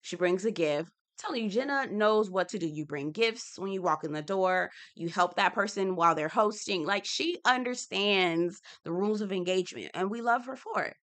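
Chatty woman with a bright voice recapping reality TV. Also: medium pitch, normal speed, hardly any pauses. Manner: chatty and opinionated, slangy, acts out quotes. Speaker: TV recap host. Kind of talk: casual reality-TV recap commentary.

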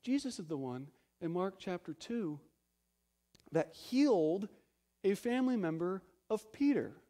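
A man serving as pastor delivers an emphatic sermon, very animated and a little slow. He asks the congregation rhetorical questions, moving between loud stresses and hushed, low phrases.

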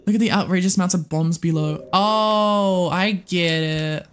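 A young adult streamer giving live game commentary, excitable and prone to swearing, rambling to viewers and to themselves. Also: mid-range voice, takes it slowly, smooth. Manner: rambling with frequent restarts and self-talk.

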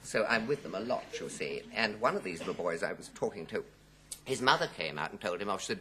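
A man's voice: low voice, animated, quick pace, bright, forceful tone, husky. A man in his fifties, a chat show guest who tells anecdotes theatrically and jumps into voices. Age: 50s. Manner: theatrical storyteller, jumping into voices.

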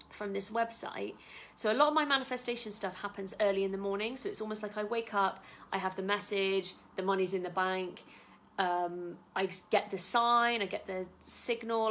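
Excitable woman, bright voice. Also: mid-range voice. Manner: excitable, chatty, swears casually. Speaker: vlogger. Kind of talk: casual live-stream chat. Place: home.

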